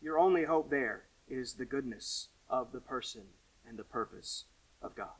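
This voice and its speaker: A pastor giving a sermon, earnest, rising to emphatic questions and falling to quiet asides. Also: male voice, mid-range voice, moderate pace, breathy edge, far from the mic, poor audio.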